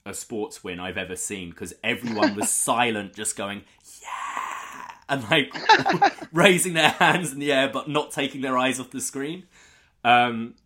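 Energetic man hosting a podcast. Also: on the low side. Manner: energetic storyteller, lively. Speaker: podcast host. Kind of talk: casual podcast chat.

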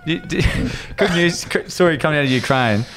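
An Australian man co-hosting a casual podcast among mates, talking in a quick, emphatic, argumentative way. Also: on the high side, wildly swooping pitch, a bit bright. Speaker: podcast co-host.

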